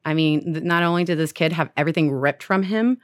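A woman's voice: deep voice, quick pace, dry recording, clean studio sound. A young woman casually retelling a story on a podcast, full of "like" and acted-out quotes.

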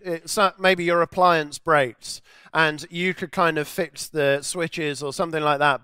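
A man delivers a sermon in an earnest, emphatic way, driving his points home through repetition. His voice sits fairly high and comes across smooth and clear. The recording is dry, with little room sound. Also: a bit bright, no echo. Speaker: preacher.

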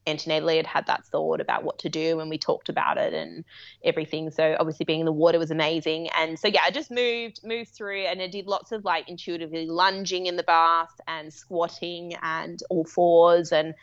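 A woman's voice: deep voice, level tone, a little fast, muffled recording. A woman who works as a midwife, a guest in a remote interview, telling a personal story in a candid, rambling way with frequent laughs. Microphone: remote call.

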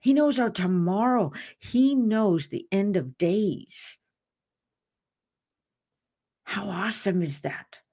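Slow-talking earnest woman podcaster. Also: mid-range voice, mellow. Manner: earnest, unscripted, with restarts and asides. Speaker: podcast host. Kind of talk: devotional podcast talk.

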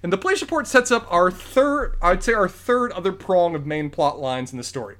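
A man's voice: high-pitched, expressive, a bit bright. A man co-hosting a podcast, walking through a movie plot in casual, detailed review chat. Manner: detailed, explanatory, quick bursts. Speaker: podcast co-host.

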